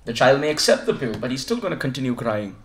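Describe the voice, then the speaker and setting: A man preaching at a home devotional gathering, telling a story with lively storytelling and acting out passers-by. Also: mid-range voice, fast, echoey room. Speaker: visiting preacher. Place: living room of a home gathering.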